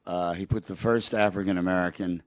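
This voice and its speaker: A man's voice: low-pitched, fairly even intonation, fairly quick, clean tone, no echo. An older man telling anecdotes as a guest in a public conversation, with frequent restarts and quoted remarks. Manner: rambling anecdotes with restarts, quoting a president.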